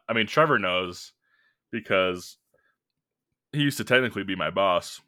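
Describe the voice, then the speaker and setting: A man's voice: sits low, moderate pace, long pauses, pushed and bright. A young man co-hosting a podcast, casually telling a work story in a rambling way with lots of fillers and restarts. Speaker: podcast co-host.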